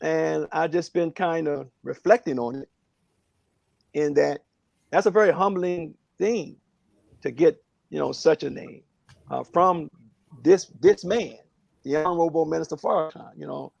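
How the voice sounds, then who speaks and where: A man speaking earnestly and reflectively on a phone prayer line, in a halting way with many fillers. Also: fairly high pitch, creaky, darkish tone, no room sound, lo-fi sound.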